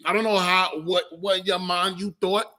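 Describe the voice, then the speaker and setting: A man hosting a casual sports talk show, animated and exasperated, laughing often. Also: sits high, normal speed. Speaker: podcast host.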